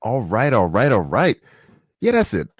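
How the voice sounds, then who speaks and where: A man hosting a sports podcast, teasing his co-host and talking in an animated, casual way. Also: medium pitch, moderate pace, slightly rough, no room sound, studio quality. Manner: teasing, animated, signs off the show.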